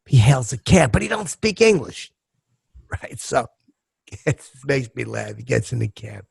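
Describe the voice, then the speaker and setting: Gravelly rambling man telling jokes. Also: mid-range voice, sing-song, unhurried, a little mellow, no room sound. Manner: gravelly, crude, loses track of jokes. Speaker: podcast host.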